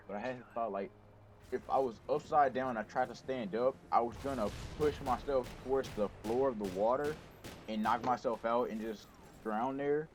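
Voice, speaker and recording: A man's voice: mid-range voice, slight background noise. A young man hosting a gaming channel, casually telling a rambling personal story with lots of restarts and self-corrections.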